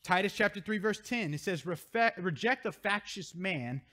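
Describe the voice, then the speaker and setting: A man's voice: high-pitched, animated, moderate pace, sharp tone. A man pastor preaching a sermon, reading scripture verses aloud and stressing key words as he explains them. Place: church sanctuary.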